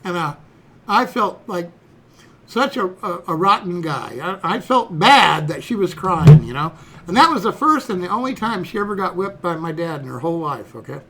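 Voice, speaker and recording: A man's voice: sits high, lively intonation, normal speed, noisy background. A man in his sixties, a streamer telling a personal story in a rambling, folksy way, dropping "you know" and "okay" throughout. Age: 60s.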